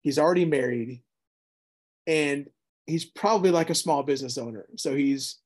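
Higher-voiced pastor thinking aloud. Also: male voice, normal speed. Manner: inquisitive, thinks aloud with restarts. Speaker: pastor and podcast co-host. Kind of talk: casual Bible study chat.

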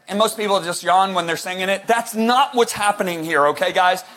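Male preacher, high voice, animated sermon, shouts for emphasis, rambling asides. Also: a little fast. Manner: rambling with restarts, jokey asides.

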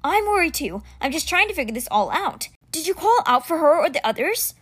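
A woman's voice: high-pitched, big pitch swings, fairly quick, fairly bright tone, voice pushed up. Woman doing an earnest, urgent young man.

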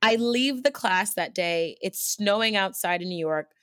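A woman's voice: mid-range voice, a little slow, smooth, no echo, studio quality. Earnest woman telling a personal story. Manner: lively and earnest, many restarts and fillers like 'like'. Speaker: cycling instructor.

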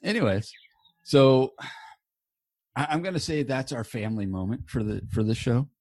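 A man with a mid-range, darkish voice hosts a podcast from his small home office, speaking animatedly at normal speed. He chats loosely with a guest, swears now and then, and is picked up by earbuds with no echo.

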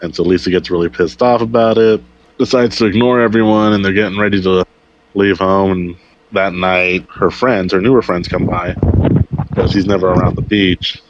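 A man's voice: low voice, fairly even intonation, normal speed. A man casually retelling a TV episode on a podcast, rambling along and quoting characters' lines. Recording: dull lo-fi recording.

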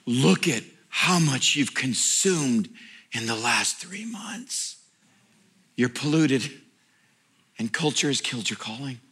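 A male pastor voicing God as a gentle, teasing father who speaks low and soft. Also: animated, slow pace, pauses often, husky, heavily acted. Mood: tender.

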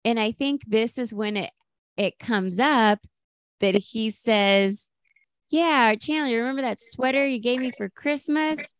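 Female co-host, slightly high voice, dry recording, animated storyteller. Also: measured pace, clear, resonant tone, no room sound. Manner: animated retelling, quoting characters in lively voices. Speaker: podcast co-host recapping a sitcom episode. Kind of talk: casual chat.

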